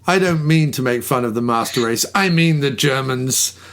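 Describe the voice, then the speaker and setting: A man's voice: mid-range voice, moderate pace, a bit bright. A man hosting a podcast, chatting casually and going off on joking, rambling tangents. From England. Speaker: podcast host. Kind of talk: casual chat.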